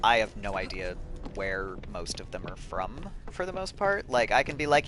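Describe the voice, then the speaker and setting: A man's voice: lowish voice, moderate pace, few pauses. A man chatting loosely to viewers while playing a video game live, swearing freely and rambling. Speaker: game streamer. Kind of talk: casual live-stream commentary. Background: game music.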